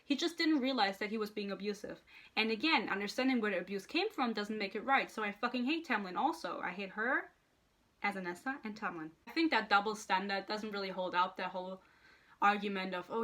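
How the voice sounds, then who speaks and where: A woman's voice: medium pitch, a bit bright. A young woman ranting heatedly about a book at home, swearing often and sounding fed up. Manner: heated, profane, exasperated ranting. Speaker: book reviewer. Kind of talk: casual ranting book review. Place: home room with a PC.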